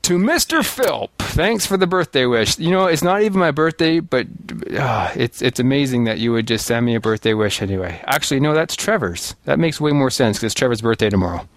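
A man's voice: medium pitch, animated, brisk, hardly any pauses, no echo. Laid-back jokey man, dry sound. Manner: laid-back, jokey, reads reviews aloud. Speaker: podcast co-host. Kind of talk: casual podcast chat.

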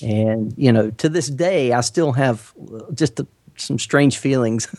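A man in his forties with a Southern US accent, a guest on a podcast, chatting casually and rambling with many fillers and pauses. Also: mid-range voice, a little mellow, no room sound. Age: 40s. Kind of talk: casual interview chat.

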